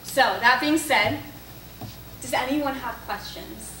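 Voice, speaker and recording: A woman's voice: high-pitched, slow pace, fairly bright tone, recorded from a distance. A young woman speaking to a church group in a casual, chatty way, telling stories and answering questions. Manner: chatty, storytelling, frequent likes and self-corrections. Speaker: speaker at a young adult faith event. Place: parish hall. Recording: echoey room, voice off-mic with faint noise.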